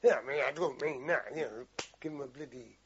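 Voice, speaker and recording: A man's voice: mid-range voice, fairly quick, highs cut off. An older man, telling war stories in a rambling, salty way in an oral history interview. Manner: rambling, salty storytelling with frequent swearing. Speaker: veteran interviewee.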